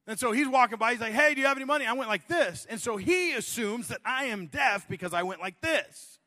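A male pastor telling a funny personal story in his sermon, animated and self-deprecating, often laughing. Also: very high voice, normal speed, long reverb tail.

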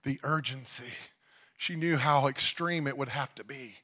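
A man's voice: mid-range voice, normal speed. Dramatic evangelist man preaching. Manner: dramatic storytelling, swings from shouting to hushed. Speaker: traveling evangelist. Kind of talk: sermon.

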